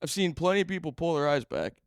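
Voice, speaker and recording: A man's voice: on the high side, expressive, quick pace, no echo, clean studio sound. A man, co-hosting a podcast in casual chat, joking, laughing often and swearing freely. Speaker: podcast co-host. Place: studio.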